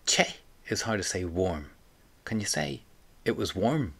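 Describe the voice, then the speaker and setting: A man's voice: lowish voice, very animated, unhurried, creaky, a bit bright, husky. A man teaching an audio language lesson, patiently prompting the listener and repeating phrases for them to say back.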